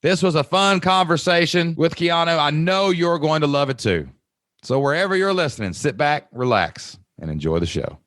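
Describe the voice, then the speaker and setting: A man's voice: fairly high pitch, lively intonation, normal speed, a bit bright, no room sound, clean studio sound. A man from Southeast Kentucky with an Appalachian mountain accent, hosting a podcast in an upbeat, folksy, chatty way. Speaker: podcast host. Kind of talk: casual podcast conversation.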